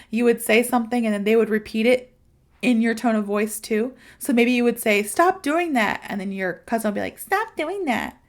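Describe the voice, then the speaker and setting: A woman hosting a podcast as a teacher, talking casually and upbeat straight to her listeners. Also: a little high. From United States. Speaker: podcast host and English teacher. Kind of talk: casual solo podcast talk.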